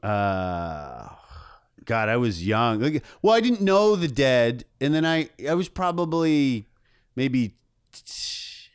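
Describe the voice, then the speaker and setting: A man chatting casually on a podcast as a guest, earnest and a little rambling, circling back on his own sentences. His voice is smooth and resonant, sitting at a middle pitch. The sound is dry and close. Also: big pitch swings, no echo. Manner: rambling, earnest, halting with restarts. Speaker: comedian guest.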